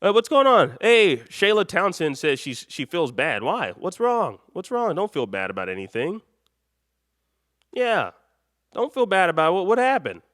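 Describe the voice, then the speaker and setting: A man's voice: high-pitched, sing-song, moderate pace, fairly bright tone, dry recording, clean studio sound. A man from Chicago hosting a late-night live stream, rambling and joking with the chat and laughing often. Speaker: live show host.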